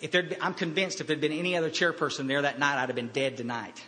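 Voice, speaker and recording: A man giving a personal recovery talk, telling his story in a halting way with quiet pauses. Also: a little high, level tone. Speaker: recovery speaker. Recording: hall reverb.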